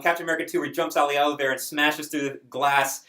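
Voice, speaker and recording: Excitable man in an echoey room. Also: on the high side, racing. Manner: animated, emotional storytelling with many fillers. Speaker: reviewer. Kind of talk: casual review chat.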